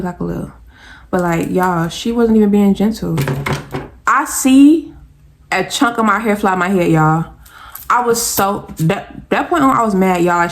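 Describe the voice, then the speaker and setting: A young woman from the American South with an Atlanta accent, telling a casual storytime vlog in an animated, exasperated way and talking straight to her viewers. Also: mid-range voice.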